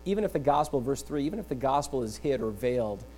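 A man's voice: medium pitch, quick pace, a little hiss or hum. A middle-aged man, a pastor preaching a sermon, telling a funny story with frequent laughs. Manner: animated storyteller, often laughing.

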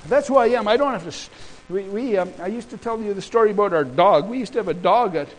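Male pastor, high voice, impassioned sermon delivery, repetitive declarations. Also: fast, poor audio. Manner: impassioned preaching with repeated declarations.

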